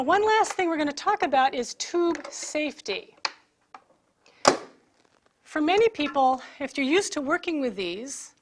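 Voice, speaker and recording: A high-pitched woman walks through an equipment setup step by step, talking as she works. There is faint noise in the background. Her tone is that of an instructor showing a product. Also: a bit bright. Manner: clear step-by-step explaining while handling equipment. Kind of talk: product demonstration.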